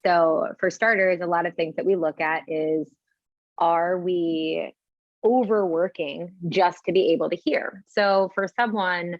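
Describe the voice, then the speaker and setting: A woman speaking as an audiologist guest in an interview, explaining in a measured way with examples. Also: fairly low pitch, steady tone, dry recording, lo-fi sound.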